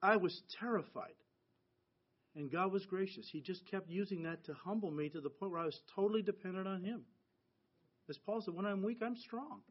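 A man's voice: high voice, a little fast, slightly rough. A middle-aged American man preaching a sermon to his church in an earnest, conversational way. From United States. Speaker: pastor. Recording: dull lo-fi sound.

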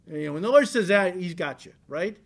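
A man's voice: high voice, expressive, fast, creaky. A male pastor giving an earnest, emphatic sermon to a congregation in church. He repeats key lines for stress and often checks in with "right?".

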